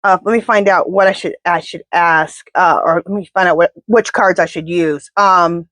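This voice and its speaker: A woman's voice: lowish voice, fairly even intonation, moderate pace, fairly bright tone, no echo. A woman doing a casual tarot reading to camera, talking to her spirit guides and speaking bluntly and indignantly. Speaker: tarot reader.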